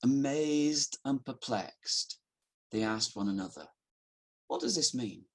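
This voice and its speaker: A man's voice: medium pitch, animated, slow, slightly rough. A middle-aged man with a northern English accent, preaching a conversational sermon with wry asides. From Northern England.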